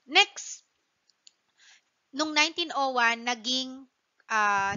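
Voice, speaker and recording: Casting note: Filipino woman teacher with a fairly high, bright voice, lecturing online and code-switching. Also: dull audio. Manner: mixes Tagalog and English, checks in with "okay?" often.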